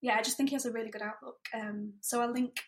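A woman co-hosting a podcast, chatting in a relaxed way with hesitant fillers. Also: fairly high pitch, fast talker. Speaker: podcast co-host. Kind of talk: casual chat.

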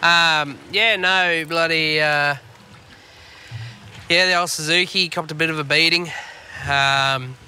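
Australian man, casual fishing podcast chat, very bright voice, slightly high, rambling, swears a lot, outdoors on a boat, faint background noise. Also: fairly even intonation, takes it slowly. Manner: laid-back, rambling, swears freely. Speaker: podcast co-host. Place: on a boat on the water.

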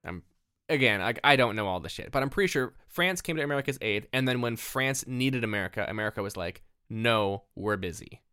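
A man with a bright, crisp voice talks through a movie on a podcast. He rambles, laughs a lot and fills gaps with ums and likes, recorded close and dry. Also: mid-range voice, expressive, fast talker, no room sound. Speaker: podcast co-host. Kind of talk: casual chat.

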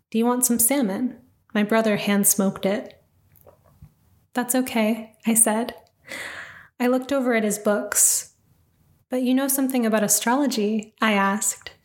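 A woman narrating a first-person story in an even, reflective reading voice. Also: medium pitch.

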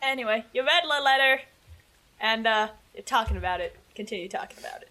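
A woman's voice: on the high side, expressive, fairly quick, sharp tone. A woman running a tabletop game, playful and bossy, laughing as she keeps the players moving. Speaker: game master. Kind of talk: casual tabletop game chat.

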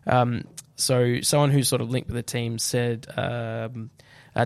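Male podcast co-host, mid pitch, relaxed explainer, dry close sound. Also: measured pace, vocal fry, dry recording. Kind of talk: casual sports chat.

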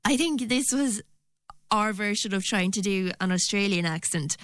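A woman co-hosting a radio show. She speaks in a lively, amused way. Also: medium pitch, normal speed, dry recording. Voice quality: lively, amused, often laughing. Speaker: radio co-host. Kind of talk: casual radio chat.

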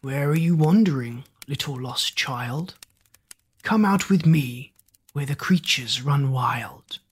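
A storybook narrator voicing a hungry monster in a low, slow, coaxing tone. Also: husky.

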